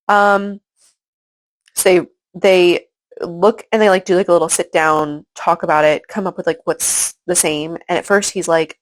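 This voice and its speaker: A woman reviewing a book recaps it chapter by chapter in a casual, rambling way, constantly saying "like" and "um". Her voice is lowish with a steady tone and an unhurried pace, and the recording is rough.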